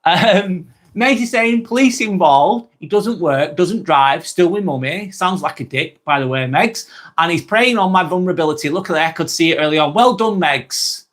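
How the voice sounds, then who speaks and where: Reading out viewer comments on a live stream, this broad, strong man in his thirties talks casually and bluntly, swearing freely and repeating himself. He sounds animated, at a moderate pace, with a fairly bright tone a little higher than most men's.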